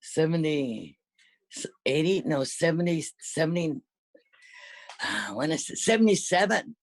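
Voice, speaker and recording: A woman's voice: low voice, lively intonation, measured pace, dry recording. Older woman rambling through memories, dry sound. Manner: rambling, self-correcting storyteller. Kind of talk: casual reminiscing conversation.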